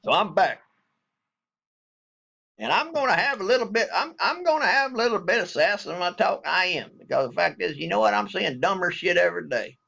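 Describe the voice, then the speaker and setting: A man's voice: sits high, very animated, brisk, gravelly, bright, forceful tone. A man from the States, a military veteran ranting bluntly and angrily with heavy profanity in a vlog. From Southern United States. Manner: blunt, angry and heavily profane.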